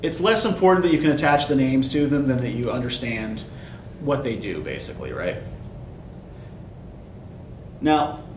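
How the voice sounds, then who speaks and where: A man's voice: mid-range voice, animated, normal speed, pauses often, distant mic, a little hiss or hum. A man teaching poetry in a classroom lecture, explaining terms and often checking in with "right?". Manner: explanatory, keeps asking "right?". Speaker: English instructor. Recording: echoey classroom recorded from afar.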